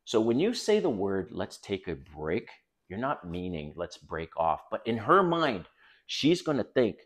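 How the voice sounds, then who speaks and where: A man's voice: fairly low pitch, wildly swooping pitch, a little slow. A middle-aged man hosting a dating advice video, talking bluntly and casually to camera, swearing now and then and calling his viewers guys.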